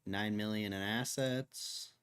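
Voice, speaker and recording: Slow, laid-back male streamer, chats loosely and mutters over charts. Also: fairly low pitch, fairly even intonation, fairly bright tone, smooth. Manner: loose, muttering to himself while reading charts. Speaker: stock market livestreamer. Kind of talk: casual livestream chat.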